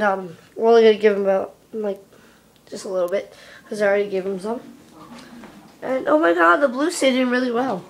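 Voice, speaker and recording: A young woman chatting casually to her camera for a vlog, giggly and given to casual swearing, filming herself indoors and then out in a windy yard. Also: on the high side. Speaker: vlogger.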